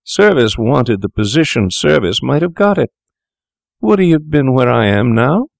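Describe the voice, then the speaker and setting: A man's voice: very animated, rapid-fire, creaky, mellow, no room sound, studio quality. A man voicing a frightened young male medical student who pleads in a rising, strained voice. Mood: despairing. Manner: pleading, panicky, voice rising high.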